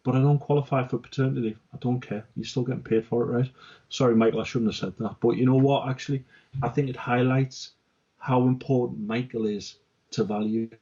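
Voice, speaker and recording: A man's voice: medium pitch, steady tone, fairly quick, dark tone, slightly rough, muffled recording. A man co-hosting a casual business chat, talkative, tagging his sentences with "right?" and "yeah?". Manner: chatty, repeats "right?" and "yeah?". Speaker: company director, co-host.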